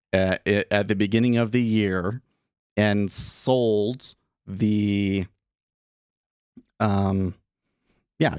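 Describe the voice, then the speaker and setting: A man's voice: on the low side, a little mellow, no room sound, clean studio sound. A man hosting a day trading livestream, talking casually and rambling with lots of fillers and restarts. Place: home studio room.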